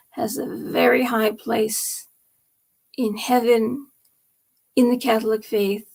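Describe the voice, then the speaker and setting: A woman with a gravelly, fry-laden voice, pitched a little high, delivers a rambling late-night monologue on her live stream. She talks slowly and with emphasis, now and then sinking into a hushed whisper. It sounds like a solo host speaking straight to her viewers.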